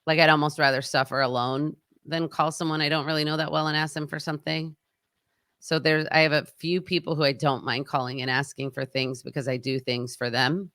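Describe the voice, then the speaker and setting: A middle-aged woman co-hosts a podcast and thinks out loud in a hesitant, reflective way. Her voice sits very low and has a gravelly fry. The close mic sounds dry. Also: little pitch movement, fairly quick, dry recording. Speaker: podcast co-host. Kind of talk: casual chat.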